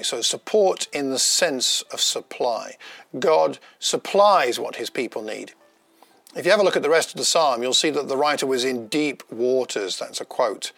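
A man giving a gentle, personal devotional talk, unhurried, with small pauses and restarts. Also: medium pitch, gravelly, no echo. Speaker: devotional speaker.

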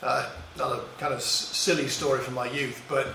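A man's voice: medium pitch, steady tone, a little fast, creaky, pushed and bright, recorded from a distance, slight background noise. Man musing in a roomy room. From England. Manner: storytelling, musing, with small restarts. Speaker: speaker. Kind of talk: reflective personal talk. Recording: roomy echo, voice a bit off-mic.

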